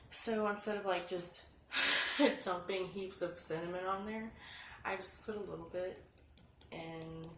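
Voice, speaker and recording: Woman vlogging a little ritual how-to, chatty then hushed, roomy echo around her. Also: mid-range voice. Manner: chatty, often drops to a hushed murmur. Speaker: spiritual vlogger. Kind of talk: casual how-to demonstration. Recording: echoey room with background noise.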